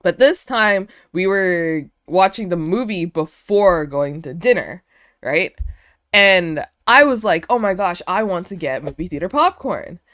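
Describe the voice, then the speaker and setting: Young woman streamer rambling a story, fillers everywhere, lowish voice, dry sound. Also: expressive, measured pace, fairly bright tone, dry recording. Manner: chatty, many fillers, bursts of laughter. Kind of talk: casual storytelling to chat.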